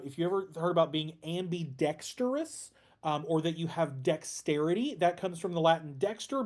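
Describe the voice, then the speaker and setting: A man's voice: on the high side, a little mellow. Guy lecturing casually in an online class, loose and chatty, lots of ums, jokes here and there. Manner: chatty and informal, frequent ums and restarts. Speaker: heraldry instructor.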